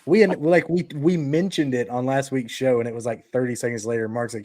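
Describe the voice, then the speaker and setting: A man's voice: medium pitch, steady tone, a little fast, hardly any pauses, darkish tone, no echo. A man hosting a casual podcast, joking and easygoing, talking straight to his listeners. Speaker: podcast host and window cleaner.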